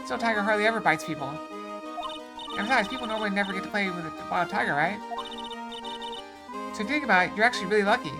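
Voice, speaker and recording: A woman voicing a cheerful woman animal tamer in a game, reading her lines louder and brighter, with a breezy, upbeat manner over game music. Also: mid-range voice, fast, pauses often, lightly acted.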